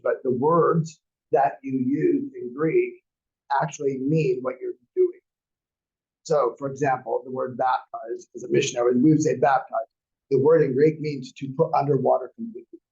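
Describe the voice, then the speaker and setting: A man's voice: mid-range voice, vocal fry, mellow, dull audio. A man teaching a classroom lecture in a conversational, rambling way with many restarts. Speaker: real estate class instructor.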